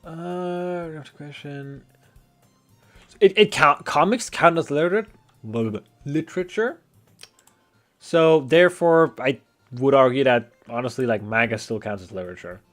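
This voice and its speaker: A man's voice: fairly high pitch, a little slow, a bit bright, soft background music. A man giving casual, rambling commentary while he plays a visual novel, often stumbling and restarting his sentences. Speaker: gamer. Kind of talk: gameplay commentary.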